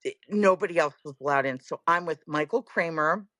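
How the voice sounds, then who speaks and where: Middle-aged woman, podcast guest, lively storyteller who acts out her quotes; lowish voice, dry close studio sound. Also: brisk, no echo. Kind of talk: casual storytelling chat.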